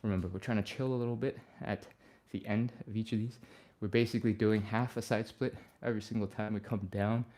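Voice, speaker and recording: A man leading a live stretching workout as the instructor. He talks through each move in a relaxed, upbeat way and sighs and breathes audibly between cues. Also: on the low side, brisk, few pauses. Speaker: fitness instructor.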